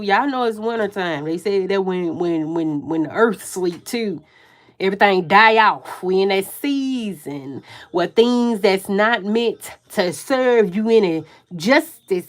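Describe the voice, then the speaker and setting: A woman with a country Southern accent doing a live tarot reading, loud and profane, often laughing and stumbling over her words. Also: mid-range voice. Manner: profane, slangy, self-interrupting. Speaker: tarot reader.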